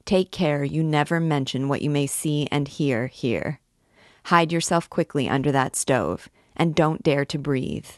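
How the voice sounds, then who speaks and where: Stern middle-aged churchman, read by a woman, low and grave. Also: measured pace, darkish tone, dry recording, studio quality. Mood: commanding. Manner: grave, admonishing. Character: stern gloomy middle-aged male archdeacon.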